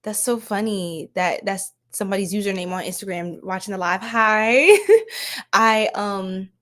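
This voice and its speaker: A woman's voice: medium pitch, fairly even intonation, unhurried, sharp tone. A woman giving a casual livestream tarot reading, laughing often and chatting with viewers.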